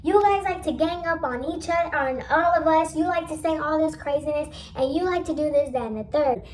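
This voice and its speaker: A woman voicing an angry teenage girl who accuses and yells during an argument. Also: brisk, close to an everyday voice. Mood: accusing. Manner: shrill, accusing.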